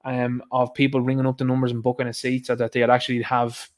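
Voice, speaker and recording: A man's voice: mid-range voice, completely flat delivery, fast talker. A man with an Irish accent giving a casual monologue commentary, sarcastic and full of rhetorical questions. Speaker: online commentator.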